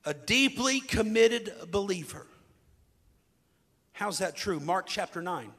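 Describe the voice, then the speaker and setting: A man's voice: high voice, lively intonation, slow, fairly bright tone, big-room sound. A man preaching a sermon as pastor, reading scripture dramatically with rising intensity.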